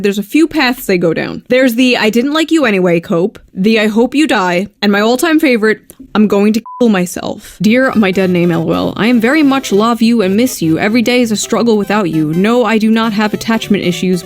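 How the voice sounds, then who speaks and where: A woman giving sarcastic reaction commentary, reading dating messages aloud in a deadpan, mocking way. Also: medium pitch.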